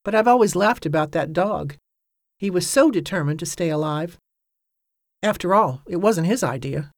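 A man's voice: high voice, expressive, normal speed, dry recording. A reader plays a reticent boatman with a plain, mumbling way of speaking. His lines stay close to the reader's own voice. The recording is close and dry. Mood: wry. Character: gruff, reticent boatman, older man.

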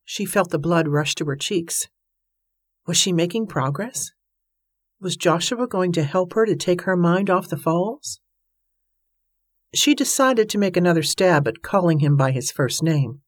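A woman reading a novel aloud in an even, measured narration. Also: lowish voice, no echo, clean studio sound. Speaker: audiobook narrator. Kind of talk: scripted narration.

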